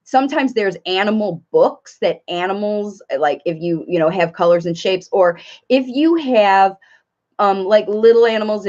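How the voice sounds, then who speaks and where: A woman speech therapist and parent coach giving live Q&A advice, talking in an animated way and breaking into playful sing-song examples. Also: mid-range voice. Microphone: live stream. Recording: dull lo-fi livestream audio.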